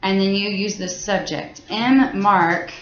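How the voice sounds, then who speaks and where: A woman's voice: medium pitch, slow pace. A woman teacher explaining grammar to her class in a casual, chatty way, full of fillers and restarts. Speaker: French teacher. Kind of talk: classroom lesson. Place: high school classroom. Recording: echoey classroom, dull lo-fi sound.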